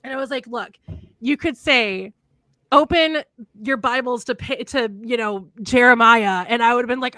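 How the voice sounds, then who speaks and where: A woman's voice: sits high, a little slow, dry recording. A young woman hosting a casual livestream chat, telling stories with lots of laughter. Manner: animated storyteller, laughs often. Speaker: podcast host.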